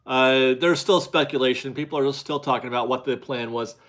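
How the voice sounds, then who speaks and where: A man's voice: medium pitch, fairly even intonation, brisk, fairly bright tone. A man hosting a casual live stream, chatting loosely with viewers, rambling and laughing as he talks. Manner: rambling, chatty, laughs often, restarts sentences. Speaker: livestream host reading viewer chat.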